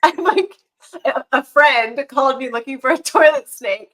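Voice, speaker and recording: Animated woman telling stories. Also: high-pitched, normal speed, poor audio. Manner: animated storyteller, laughs often. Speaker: podcast guest. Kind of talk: casual podcast conversation.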